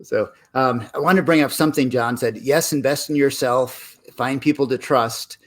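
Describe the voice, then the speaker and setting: A man's voice: mid-range voice, normal speed. A man co-hosting a casual book club discussion, conversational and storytelling, acting out quoted headlines now and then.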